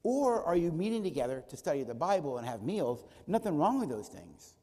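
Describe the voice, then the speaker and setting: A man's voice: on the high side, sing-song, brisk, warm tone, big-room sound. A man giving a teaching talk at a church conference, posing rhetorical questions and answering them himself, with short acted dialogues. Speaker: conference speaker. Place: church auditorium.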